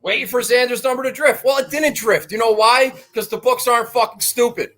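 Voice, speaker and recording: A man hosting a golf betting show, ranting defiantly and swearing, swinging from low muttering to shouts. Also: steady tone, a little fast, soft background music, rough recording. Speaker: golf betting podcast host. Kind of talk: fired-up monologue.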